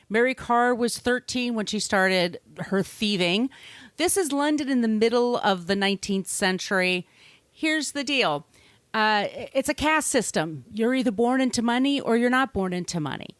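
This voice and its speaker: A woman's voice: on the high side, lively intonation, normal speed, a bit bright, no room sound. Chatty woman telling a true-crime story. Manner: chatty, swears freely, laughs often. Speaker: podcast host.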